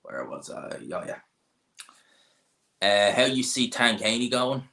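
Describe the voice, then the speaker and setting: A man's voice: on the low side, unhurried, long pauses, sharp tone. A young Irish man hosting a boxing channel, chatting casually and opinionated, thinking aloud with lots of fillers. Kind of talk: casual live chat answering viewers. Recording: roomy echoey room.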